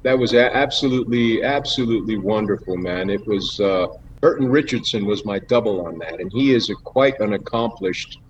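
A man's voice: fairly low pitch, moderate pace. A man guest on an interview, telling rambling stories with many fillers and laughs. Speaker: actor guest. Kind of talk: casual interview storytelling. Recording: dull lo-fi with faint noise.

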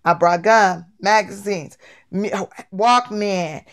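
A middle-aged woman, a comedian guest, telling stories in a playful, animated, casual way. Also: medium pitch, slow. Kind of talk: casual storytelling.

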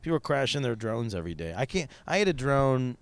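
Fast, animated man chatting on a podcast. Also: mid-range voice, dry recording. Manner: rambling, jokey, many restarts, puts on voices in quoted bits. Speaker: podcast host. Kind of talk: casual chat. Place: quiet basement room of a convention center.

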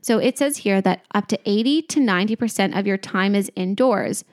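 A woman's voice: mid-range voice, fairly quick, a little mellow. A young woman co-hosting a podcast in casual chat, rambling and laughing often. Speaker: podcast co-host.

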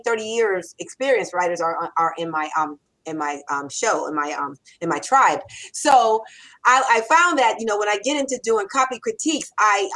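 A woman in her sixties, a copywriter and author, talking in an animated interview and acting out quoted lines. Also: medium pitch, low-quality recording. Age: 60s. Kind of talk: conversational interview.

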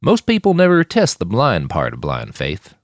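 A man voicing a calm, reassuring man of faith who speaks in a soothing way. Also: on the low side, moderate pace, dry recording, clean studio sound.

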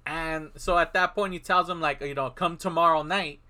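A man's voice: on the high side, fairly even intonation, moderate pace, bright, forceful tone. A man in casual chat, animatedly retelling a film plot and acting out the characters' lines.

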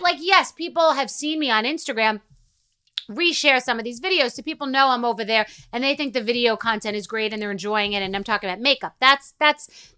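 A woman's voice: fairly high pitch, clean tone. A middle-aged woman hosting a podcast, talking bluntly and casually with frequent swearing. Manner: blunt, profane, rapid and animated. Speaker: podcast host. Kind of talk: casual monologue.

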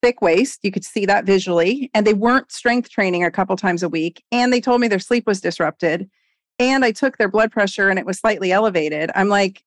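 A woman in her forties, a doctor guest on a podcast interview, talking in an animated, emphatic way. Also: medium pitch, brisk, dry recording, clean studio sound. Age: 40s.

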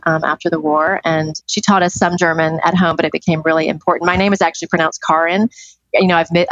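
Middle-aged woman, podcast guest, enthusiastic storyteller; lowish voice, dry and a bit lo-fi. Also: fairly bright tone, no room sound. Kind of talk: casual interview chat.

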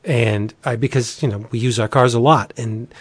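Man, podcast co-host, earnest, halting, dry close sound. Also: medium pitch, fairly even intonation, slightly rough, no echo. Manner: earnest, halting, many restarts. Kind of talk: casual chat.

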